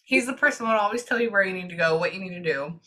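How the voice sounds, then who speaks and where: A woman working as a psychic medium, giving a reading to a client and relaying messages in quick, chatty asides. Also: medium pitch, animated, bright, forceful tone.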